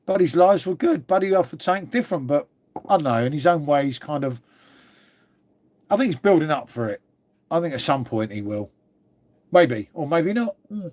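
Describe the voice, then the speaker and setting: Chatty man, higher-pitched voice. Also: lively intonation, moderate pace, pauses often, darkish tone. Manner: chatty, swears freely, keeps calling viewers mate. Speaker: live streamer. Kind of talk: casual live-stream chat.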